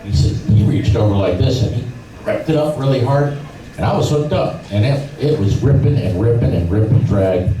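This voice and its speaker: A man's voice: mid-range voice, normal speed. A middle-aged man telling fishing stories at a club meeting, acting out voices and sounds as he goes. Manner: animated storyteller, acts out voices and sounds. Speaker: fishing guide giving a club talk. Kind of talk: storytelling seminar talk. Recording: echoey room from far off, noisy.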